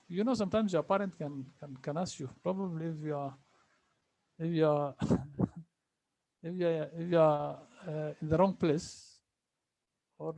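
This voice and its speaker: High-voiced man teaching Arabic patiently. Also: warm tone, no room sound. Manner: patient, repeats phrases slowly for students. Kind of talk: online language class.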